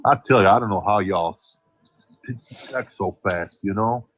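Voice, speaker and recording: A man's voice: fairly low pitch, moderate pace, no room sound, low-quality recording. A man on a livestream panel, chatting casually in a jokey way and laughing often.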